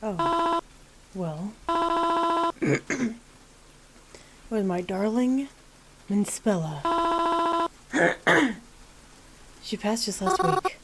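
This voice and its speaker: A woman doing a grieving mother, high and tremulous. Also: sing-song, background noise, exaggerated voice. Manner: soft, drawn-out and tremulous. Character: grieving middle-aged mother at her daughter's funeral.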